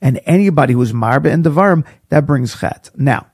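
A man teaching a casual Torah class, chatty and animated, mixing in Hebrew quotes as he tells stories. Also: a little high, moderate pace, husky, no room sound, studio quality. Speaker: rabbi teaching Pirkei Avos.

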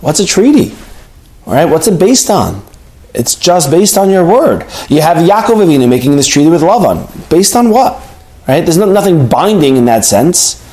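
A man delivers a daily Torah lesson in a relaxed, conversational way. His voice sits a little high and moves a great deal in pitch, jumping up on rhetorical questions. He slips Hebrew terms into everyday talk. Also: rough recording. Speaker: rabbi teaching a daily lesson. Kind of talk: casual spoken Torah lesson.

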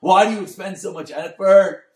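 A man, a rabbi, giving a Torah class on a Mussar text, mixing Hebrew terms into English and swinging from soft to loud. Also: sits high, normal speed, reverberant. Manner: expressive, dynamic delivery, swings from soft to loud.

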